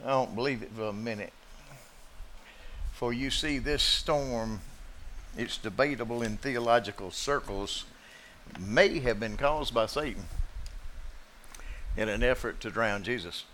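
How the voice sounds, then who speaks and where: A man preaching a sermon in a dramatic way, moving from hushed asides to loud declarations. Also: medium pitch, unhurried, pauses often, slight background noise.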